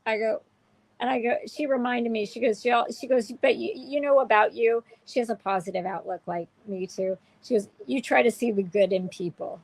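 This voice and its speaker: Woman host pouring her heart out, raspy fry in her voice, higher pitch, dry close sound. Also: steady tone, moderate pace, no echo, poor audio. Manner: heartfelt, emotional, many restarts. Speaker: show host. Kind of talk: candid livestream chat.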